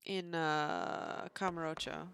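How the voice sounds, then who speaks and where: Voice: medium pitch, steady tone, takes it slowly, gravelly, fairly bright tone, a little hiss or hum. A game streamer giving casual, self-mocking commentary and reading menus aloud while playing. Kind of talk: casual let's-play commentary.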